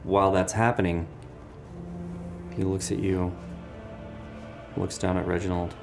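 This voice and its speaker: Slow gravelly game master. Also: male voice, deep voice, little pitch movement. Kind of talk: narrating a tabletop game. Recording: music bed behind.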